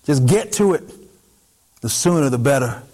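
A man's voice: medium pitch, animated, moderate pace, a little mellow, natural voice. Guy voicing a beat-up, distrustful drifter, sardonic and curt, storytime voice. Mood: sardonic weary. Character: weary, battered, distrustful road wanderer.

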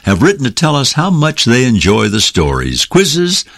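A man's voice: medium pitch, huge pitch swings, normal speed, gravelly, fairly bright tone. A man hosting a children's Bible program, reading an upbeat promotional outro. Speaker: host. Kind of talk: scripted outro.

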